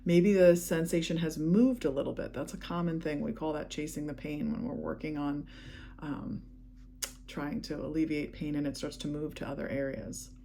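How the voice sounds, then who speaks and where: A woman leading a guided EFT tapping session, speaking calm, repetitive affirmations. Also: deep voice, moderate pace, vocal fry, slight background noise.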